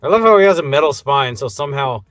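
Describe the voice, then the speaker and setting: Animated laughing man recapping a show. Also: fast, no room sound, faint music behind. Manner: animated, laughing, jumps into silly high voices. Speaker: podcast co-host. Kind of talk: casual chat, recapping a show.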